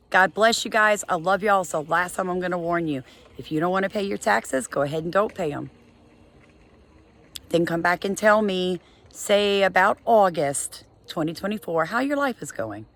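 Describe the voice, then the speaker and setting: A middle-aged woman, delivering an exasperated, emphatic scolding monologue to her viewers. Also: fairly bright tone. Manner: scolding, exasperated, emphatic with sudden high bursts. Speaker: homesteading vlogger. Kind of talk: impassioned monologue to camera.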